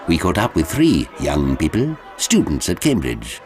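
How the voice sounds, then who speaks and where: A solemn documentary narrator, put on by a man, announces in a very deep, grave voice. The delivery swoops like a vintage announcer's, with faint music behind. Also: huge pitch swings, moderate pace, a little mellow, exaggerated voice.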